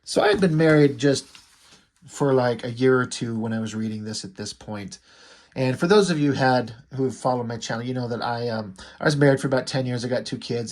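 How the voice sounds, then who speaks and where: A middle-aged man talks through a comic book in a loose, casual vlog. He rambles and hesitates, restarting his sentences. His pitch sits in an ordinary middle range.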